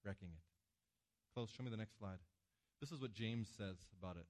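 A man preaching a sermon to a congregation, with emphatic swings between loud passages and hushed ones. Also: on the low side, a little fast. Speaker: pastor. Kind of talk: sermon with slides.

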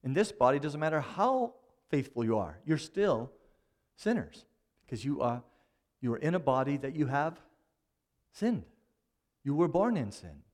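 A man preaching a sermon, animated, often dropping suddenly to a quiet voice for emphasis. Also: medium pitch, a little slow, long pauses. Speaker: pastor.

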